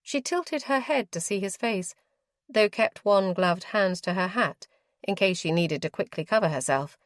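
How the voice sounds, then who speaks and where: A woman narrating a historical romance audiobook in a measured, expressive storytelling manner. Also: medium pitch, no room sound, studio quality. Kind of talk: scripted narration.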